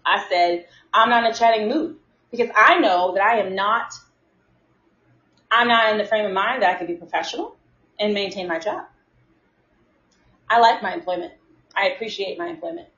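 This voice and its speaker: A woman telling a story to a live audience in a casual, animated and exasperated way, talking straight to her viewers. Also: mid-range voice, moderate pace, long pauses, roomy sound, lo-fi sound. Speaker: live stream host.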